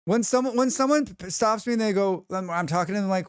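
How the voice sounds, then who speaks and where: A man's voice: sits high, lively intonation, quick pace, hardly any pauses, clear, resonant tone, no echo, studio quality. A man with an American accent, chatting casually on a live stream, rambling and reading his chat aloud. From United States.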